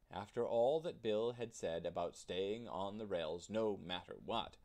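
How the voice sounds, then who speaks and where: A man narrating a children's storybook in an expressive storytelling manner. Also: fairly low pitch. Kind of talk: children's storybook read-aloud.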